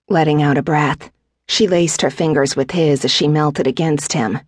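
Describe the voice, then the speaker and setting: A woman narrating an audiobook in a measured, even reading. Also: deep voice, no echo, studio quality. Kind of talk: scripted narration.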